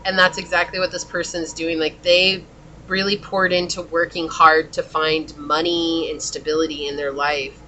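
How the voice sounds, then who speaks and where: Tarot reader, bright tense voice, chatty and exclamatory, faint room hum. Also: medium pitch, flat delivery, moderate pace, rough recording. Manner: chatty, exclamatory, talks to spirit guides aloud. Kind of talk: pick-a-card tarot reading.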